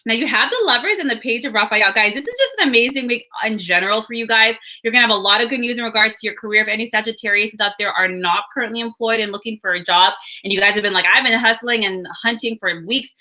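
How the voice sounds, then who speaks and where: A woman's voice: fairly high pitch, fast talker, hardly any pauses, pushed and bright. A woman giving a casual, upbeat weekly horoscope and card reading, chatting straight to her viewers. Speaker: astrology and card reader.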